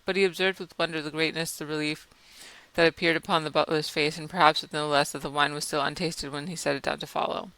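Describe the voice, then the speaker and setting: A man reading a classic novel aloud in a measured, dramatic narration style. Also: on the high side, flat delivery, sharp tone, clear, resonant tone, no room sound, low-quality recording. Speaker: audiobook reader. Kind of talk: scripted narration.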